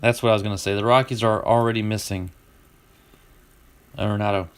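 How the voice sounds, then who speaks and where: A middle-aged man hosting a casual stream, opening card packs and chatting with viewers, getting excited over each card. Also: lowish voice, brisk, clear, resonant tone. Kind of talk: casual live-stream chat.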